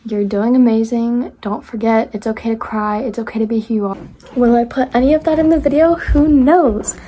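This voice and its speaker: A young woman chatting casually to camera in a vlog, bubbly and excitable, full of "like" fillers. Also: a little high, a little fast, slight background noise. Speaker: vlogger.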